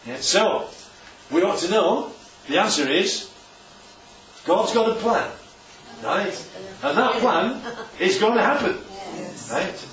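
High, lively preacher in an echoey hall. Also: male voice, slow, pauses often. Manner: constantly checks in with "right?". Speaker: preacher leading a Bible study. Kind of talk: interactive sermon. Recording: echoey room, distant dull mic.

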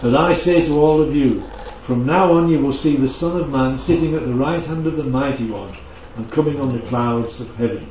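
A man's voice: mid-range voice, normal speed, hardly any pauses, a little mellow, a little hiss or hum. A man preaching a conversational Bible teaching, often checking in with his listeners. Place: church hall. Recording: dull, echoey hall from far off.

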